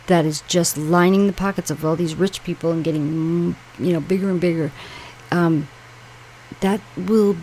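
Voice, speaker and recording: Rambling low-voiced woman host. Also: fairly even intonation, moderate pace, dark tone, a little hiss or hum, poor audio. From New York. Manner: rambling, conversational, with frequent fillers and asides. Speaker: channel host. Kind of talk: casual commentary reading online posts.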